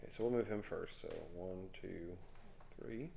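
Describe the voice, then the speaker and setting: A middle-aged man at home playing a tabletop game with his son, calling out his moves and counting dice aloud in a quiet mutter. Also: deep voice, normal speed, gravelly, slight background noise. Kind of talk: casual tabletop game play.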